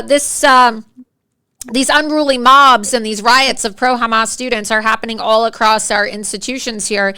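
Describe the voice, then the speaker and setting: A woman's voice: on the high side, sharp tone, smooth. A woman hosting a political talk show, outraged and incredulous as she talks with a guest. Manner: outraged, quick asides, laughs in disbelief. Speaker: host.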